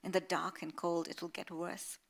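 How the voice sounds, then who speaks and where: A woman's voice: lowish voice, little pitch movement, a little slow, vocal fry. A woman voicing a homesick young student. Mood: subdued. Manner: small, subdued voice.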